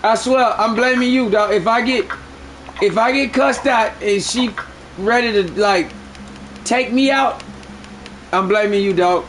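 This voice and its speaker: High-voiced joking male game streamer. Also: measured pace, pauses often, faint music behind. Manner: loud, joking, profane slang banter. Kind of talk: live gaming stream banter.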